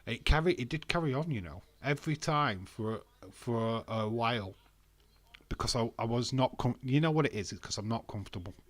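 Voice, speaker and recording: A man's voice: mid-range voice, expressive, a little fast. Rambling man with a stuffy nose. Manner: self-deprecating, rambling, laughs often. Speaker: wrestling streamer. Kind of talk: casual live-stream chat.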